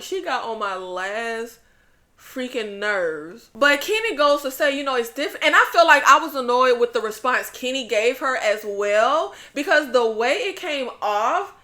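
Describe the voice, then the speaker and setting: A woman's voice: sits high, sharp tone. A young woman hosting a TV episode recap, venting bluntly and animatedly with plenty of profanity. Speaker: TV show recap host.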